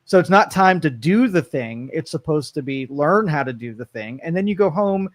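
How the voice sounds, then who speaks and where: A man's voice: a little high, lively intonation, moderate pace, no echo. A man co-hosting a live talk radio show, dry and teasing in his banter. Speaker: co-host. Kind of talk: casual radio chat. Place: radio studio.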